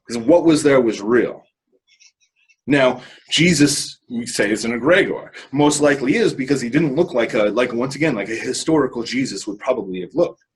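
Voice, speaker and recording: A man with a husky, slightly rough voice speaks at an ordinary pitch. He is an interview guest recounting a personal story in a loose, candid way, circling back with restarts and the odd swear word. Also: rough recording. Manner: rambling with frequent restarts and casual swearing.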